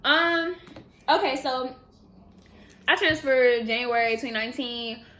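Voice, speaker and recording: A woman's voice: high voice, a little slow. A young woman in her twenties from the Bay Area, chatting casually and animatedly while answering viewer questions in a vlog. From San Francisco Bay Area. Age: 20s. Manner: chatty, animated, laughs and trails off. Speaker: vlogger.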